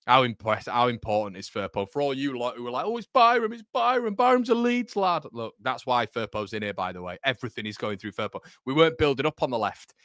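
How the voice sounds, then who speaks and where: Excitable football fan commentating live. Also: male voice, medium pitch, no echo, studio quality. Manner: excitable, bantering with the live chat. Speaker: live watchalong host.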